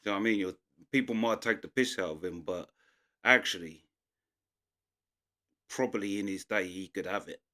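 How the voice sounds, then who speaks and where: A man's voice: low-pitched, normal speed, pauses often, pushed and bright. An English man hosting a reaction video, chatting loosely and laughing as he comments.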